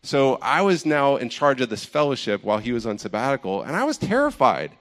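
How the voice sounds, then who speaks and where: A man's voice: mid-range voice, big pitch swings, brisk, fairly bright tone. A man in campus ministry telling a personal faith story in a candid, self-deprecating way, with many fillers and restarts. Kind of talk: personal testimony, casual storytelling.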